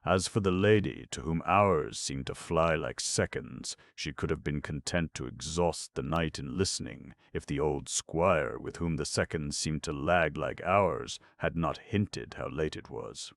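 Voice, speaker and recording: A man narrating a classic novel as an audiobook in a measured, expressive storytelling manner. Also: rumbling low, creaky, no echo, studio quality.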